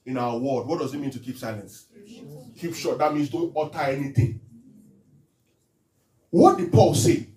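A man preaching an interactive sermon as pastor. He questions the congregation and reads scripture aloud slowly. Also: medium pitch, animated, mellow. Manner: call-and-response questions to the congregation. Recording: echoey room, voice from a distance.

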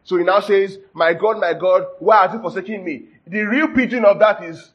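Male preacher, high and husky, conversational teaching sermon, dull recording. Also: normal speed, few pauses, slight background noise. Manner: checks in with the audience often, jokes and laughs. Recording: dull lo-fi sound.

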